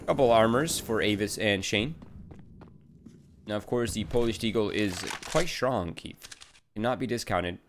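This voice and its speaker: A man giving casual play-by-play esports commentary, bantering with his co-caster and rising to excited calls. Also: lowish voice, measured pace. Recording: game gunfire noise behind. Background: game gunfire and clicks.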